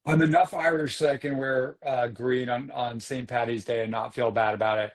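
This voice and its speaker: A man's voice: mid-range voice, fairly even intonation, normal speed. Easygoing self-deprecating man. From Boston area. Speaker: podcast co-host. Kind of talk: casual chat.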